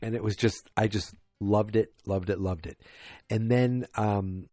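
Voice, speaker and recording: Tired male podcast host, low voice, close and dry, rambling casual recap with faint music behind. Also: fairly even intonation, a little slow, mellow, no room sound. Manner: rambling, many fillers and restarts; acts out quoted lines in a raised voice. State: tired, yawning.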